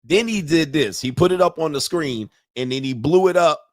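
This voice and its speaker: Profane, animated male storyteller. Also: fairly high pitch, normal speed, dry recording, clean studio sound. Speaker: host. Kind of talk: casual livestream commentary.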